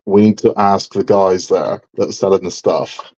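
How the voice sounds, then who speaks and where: Joking low-voiced man, lo-fi. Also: fairly even intonation, normal speed, mellow. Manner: joking, rambling, laughs often. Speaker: host of a live model build stream. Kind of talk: casual live-stream chat while building.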